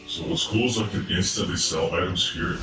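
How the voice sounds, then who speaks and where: A man's voice: deep voice, fairly quick. A man streaming a game live through a voice changer, chatting casually to his viewers. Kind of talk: live gameplay stream commentary. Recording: echoey room, far from mic, game music.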